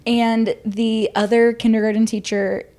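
Young woman, co-host, slightly high pitch, animated storytelling, laughs often. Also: unhurried. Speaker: podcast co-host. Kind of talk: casual chat.

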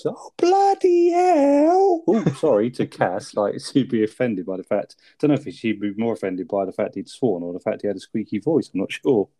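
In a dry recording, a man with a dark voice co-hosts a relaxed conversation about an episode of a sitcom, frequently laughing and performing lines in squeaky impressions.

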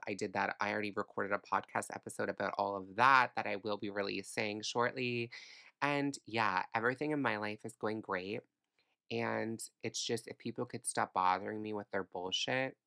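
A blunt woman in her late twenties vents in a podcast rant, swearing freely. Her voice carries a gravelly fry. The sound is close and dry, with no room around it. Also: very deep voice, fairly even intonation, moderate pace, bright, forceful tone, no room sound. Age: 20s. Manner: blunt and profane, venting. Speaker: podcast host.

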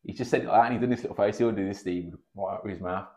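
A man's voice: fairly low pitch, very fast, mellow. A man in his thirties, a podcast guest telling stories in a chatty way, swearing freely and acting out what people said. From England. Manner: chatty, swears freely, acts out quoted dialogue. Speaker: podcast guest, kickboxing coach. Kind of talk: casual podcast storytelling. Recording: slightly dull lo-fi podcast audio.

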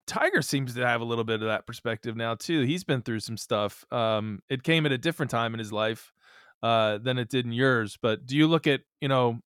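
A man hosting a golf podcast, interviewing a guest with warm praise and a few fillers. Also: medium pitch, a little fast, clear, resonant tone, dry recording, clean studio sound. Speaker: podcast host.

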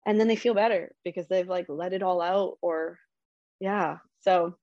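A woman in her thirties talks in a reflective, halting way, with many fillers and restarts. Her low-pitched voice has a gravelly fry, and the recording is dry and a little dull. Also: darkish tone, no echo. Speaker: guest. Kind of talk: candid conversational interview.

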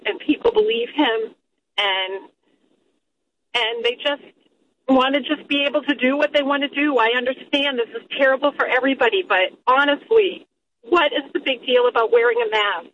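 A woman calling in to a radio show, heated and halting, repeating herself as she talks. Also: a little high, lo-fi sound, a little hiss or hum. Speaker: caller, healthcare worker. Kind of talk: phone-in call.

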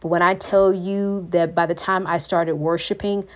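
Woman, lowish voice, earnest, preachy, faith podcast host. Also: steady tone, normal speed. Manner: earnest, preachy, addresses listeners as "you all".

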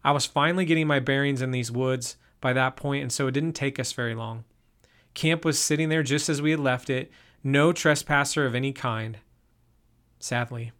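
A man's voice: mid-range voice, moderate pace, a bit bright. Man reading a first-person story.

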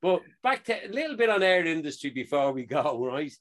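An Irish man co-hosting a casual podcast, telling stories with lively acted-out dialogue. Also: on the high side, brisk. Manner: animated storyteller, acts out both sides of conversations. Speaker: podcast co-host.

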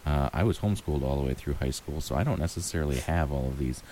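A man's voice: a bass voice, fast talker, dark tone, slight background noise. A man chatting casually about a movie, musing aloud with frequent ums and light laughs. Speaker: co-host reviewing a movie. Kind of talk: casual chat.

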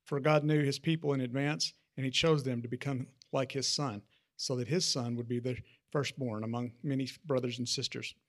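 A man reading scripture aloud to a small group in a steady, plain manner. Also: mid-range voice, normal speed.

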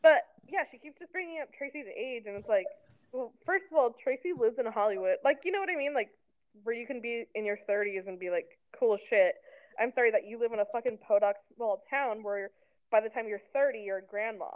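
A woman's voice: on the high side, expressive, fairly quick. Chatty sarcastic woman in her twenties. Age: 20s. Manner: chatty, sarcastic, heavy use of "like". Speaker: podcast co-host. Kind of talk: casual recap chat. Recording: tinny phone-like sound.

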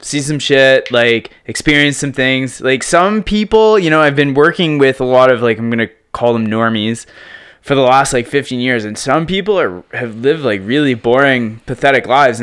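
Smooth-voiced relaxed man from Prince Edward Island. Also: mid-range voice, moderate pace. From Prince Edward Island, Canada. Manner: relaxed, slangy, rambling talk. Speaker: podcast guest. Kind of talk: casual podcast chat.

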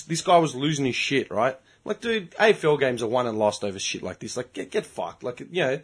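A man's voice: medium pitch, animated, a little fast, few pauses, slightly rough. An Australian man telling a story in a casual podcast chat, heated and full of swearing. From Melbourne, Australia. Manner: profane, heated storytelling rant. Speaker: podcast host.

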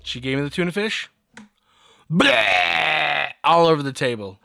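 A young man co-hosting a podcast, telling stories in a lively casual way and acting out quotes. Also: fairly high pitch, quick pace, no echo, soft background music. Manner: animated storyteller, acts out childhood quotes. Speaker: podcast co-host. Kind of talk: casual chat.

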